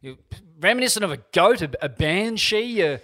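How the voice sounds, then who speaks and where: High-voiced man, deadpan. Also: moderate pace. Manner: dry, deadpan jokes, swears. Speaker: podcast co-host. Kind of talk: casual chat.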